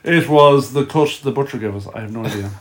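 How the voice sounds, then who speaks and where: A man's voice: medium pitch, brisk, slight background noise. A man co-hosting a podcast, joking and swearing in casual banter with friends. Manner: joking, sweary, laughs easily. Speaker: podcast co-host.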